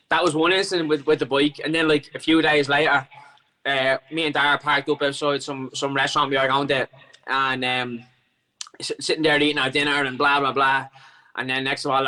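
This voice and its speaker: Bright-voiced Irish man telling stories. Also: medium pitch, low-quality recording. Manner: rambling, swears freely, many restarts. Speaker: podcast guest. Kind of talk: casual storytelling.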